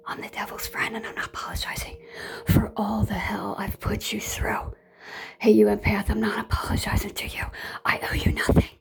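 A scheming narcissist gloats in a hushed, sneering whisper, put on by a woman. It is a whispered role-play, with quiet and taunting delivery. The voice sits at a middling pitch. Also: unhurried, creaky, long pauses, husky, exaggerated voice. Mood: gloating.

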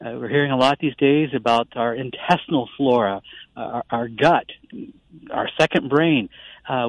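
A man's voice: medium pitch, dry recording. Man on a tinny phone line. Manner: calm, explanatory, with many uh fillers. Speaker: guest doctor on a radio show. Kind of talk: expert interview on a call-in show.

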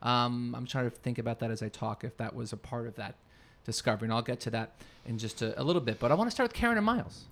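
A man's voice: mid-range voice, fast talker, hardly any pauses. A man co-hosting a podcast in casual chat, rambling and searching for his words mid-sentence. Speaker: podcast co-host.

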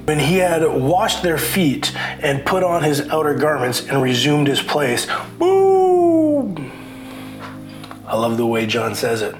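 A man's voice: medium pitch, moderate pace, few pauses, soft background music. Chatty preacher man in an echoey room. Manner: chatty, animated, acts out voices in retellings. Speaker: pastor. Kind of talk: casual sermon.

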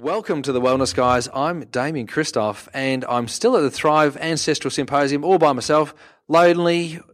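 A man's voice: mid-range voice, normal speed, soft background music. A man co-hosting a podcast, chatting casually and joking with plenty of fillers, recorded at a conference. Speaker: podcast co-host. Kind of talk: casual interview chat. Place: conference venue.

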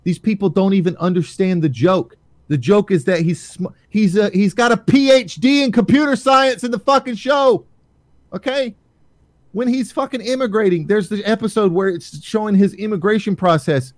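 A man's voice: high voice, moderate pace, no echo. A man hosting a casual talk show, ranting heatedly and sarcastically with plenty of swearing.

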